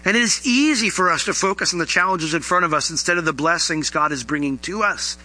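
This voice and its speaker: A middle-aged man preaching with a very bright, ringing voice pitched a little high. He talks in an animated way and lifts into emphatic questions aimed at his listeners. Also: fast talker, rough recording. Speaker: pastor. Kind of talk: sermon.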